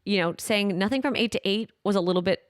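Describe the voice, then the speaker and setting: A woman's voice: mid-range voice, fast talker, dry recording, clean studio sound. Chatty woman podcast co-host in her thirties. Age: 30s. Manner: chatty, lots of fillers. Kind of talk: casual chat.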